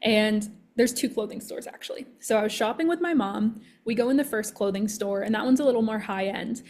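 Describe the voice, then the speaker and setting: A woman who coaches clients on manifestation chats on a podcast with a somewhat high voice. She tells her story in an animated way, acting out her inner thoughts as she goes. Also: a little fast. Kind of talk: casual podcast chat.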